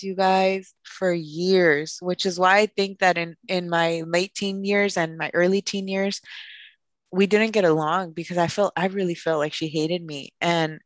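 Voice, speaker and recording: A woman speaks in a lowish voice, sharing a personal story candidly on a podcast. Her delivery is emotional and open, and she drops phrases into her English. The recording is dry and close, with no room sound. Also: fairly bright tone, no room sound. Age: late 20s. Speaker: podcast co-host.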